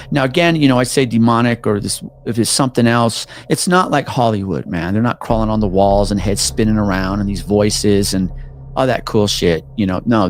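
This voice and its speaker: A man telling a true story on a podcast in casual talk, acting out the people in it and dropping into hushed tones. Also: mid-range voice. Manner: animated, acts out quoted people, drops to hushed tones.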